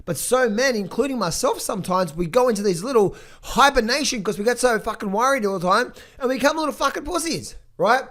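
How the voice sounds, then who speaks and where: Hoarse, high-voiced man, emphatic and blunt. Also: expressive, quick pace, hardly any pauses, fairly bright tone. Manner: emphatic, blunt, swears freely. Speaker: trading coach. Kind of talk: motivational vlog and market commentary.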